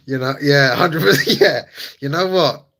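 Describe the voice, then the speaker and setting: A man's voice: fairly high pitch, a bit bright, a little hiss or hum, low-quality recording. A man chatting casually with his live-stream viewers, laughing often and teasing them.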